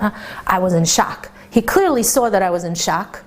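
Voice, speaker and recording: A woman who teaches religious classes to women, telling a story in an animated, excited way and often stammering over repeated words. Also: mid-range voice, moderate pace. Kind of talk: storytelling lecture.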